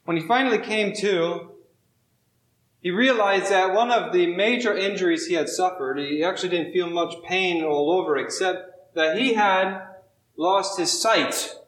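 A man preaching a sermon, reading scripture and then telling a story in a measured, drawn-out way with dramatic pauses. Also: sits high, fairly bright tone, reverberant, rough recording. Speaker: pastor.

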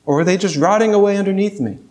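A man's voice: sits high, fast, darkish tone. A man preaching a sermon, telling a fable and then pressing his listeners with rhetorical questions. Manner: storytelling, rhetorical questions to the congregation.

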